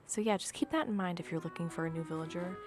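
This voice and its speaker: A tired young woman chatting casually in a vlog, ranting in a dramatic, exaggerated way with low energy. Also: quick pace, music in the background. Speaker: video creator. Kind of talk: casual gaming vlog chat.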